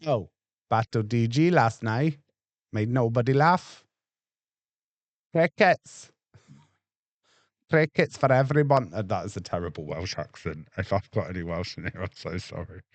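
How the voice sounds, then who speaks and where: A man's voice: lowish voice, normal speed, a little mellow, no room sound. A man hosting a livestream, chatting and reacting to clips in a chatty, sweary way. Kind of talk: casual chat.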